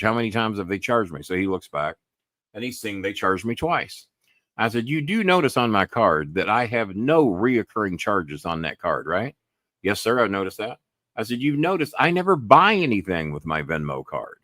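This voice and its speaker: A man's voice: lowish voice, fairly bright tone, no echo, studio quality. A man hosting his own podcast, retelling a phone call in a rambling way with lots of "I said" asides and frequent swearing. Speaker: podcast host. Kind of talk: casual storytelling monologue.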